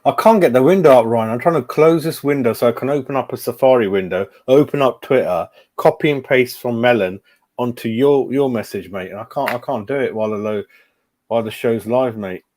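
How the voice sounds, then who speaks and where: A man's voice: medium pitch, fairly quick, darkish tone. A man hosting a live fan stream, chatting casually and muttering to himself while he fiddles with his computer. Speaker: fan channel host.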